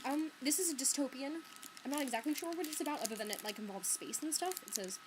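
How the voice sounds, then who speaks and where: A woman's voice: high-pitched, animated, quick pace. Give me a rambling young woman on a laptop webcam, light hiss in the background. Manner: chatty, filler-heavy, lots of "like" and "um". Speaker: book vlogger. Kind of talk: casual vlog chat. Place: bedroom. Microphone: laptop webcam mic.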